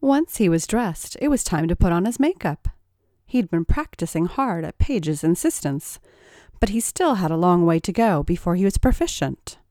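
A woman narrates scripted fiction in a lowish voice with a lot of movement in her pitch. She reads expressively and takes on each character herself. The recording is dry, with no room sound. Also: expressive, moderate pace, warm tone, no room sound.

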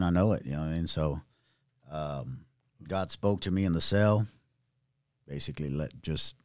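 Deep-voiced man telling a street story. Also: dry recording, clean studio sound. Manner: animated storyteller, street slang, acts out voices. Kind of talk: casual testimony chat.

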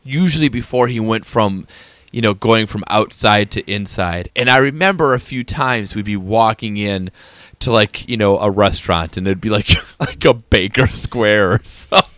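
Male podcast co-host, bright tone, dry mic, rambling anecdotal delivery. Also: on the low side, normal speed, dry recording. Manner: rambling storyteller, many "like" fillers. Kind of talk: casual chat.

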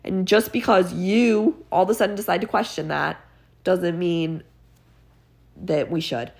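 A woman's voice: on the low side, measured pace, gravelly. A teenage girl hosting her own podcast, sick and congested, ranting casually with sarcastic exasperation and plenty of "like". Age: teens. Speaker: podcast host.

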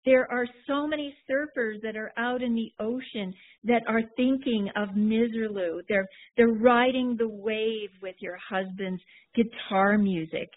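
Woman podcast host, unhurried, effusive, tinny call audio. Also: a little high, fairly even intonation. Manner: effusive, calls people darling. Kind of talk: casual interview talk.

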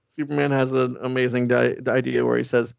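A man's voice: medium pitch, level tone, moderate pace, gravelly, no echo, dull audio. A man co-hosting a podcast, recapping a comic book in a rambling, profane, comedic way with lots of fillers. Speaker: podcast co-host.

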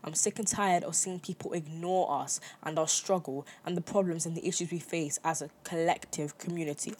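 A young woman with a slightly low-pitched voice hosts her own talk podcast. She delivers an impassioned, emphatic solo monologue and drives her points home by repeating them. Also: slight background noise. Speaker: podcast host. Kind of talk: opinion monologue.

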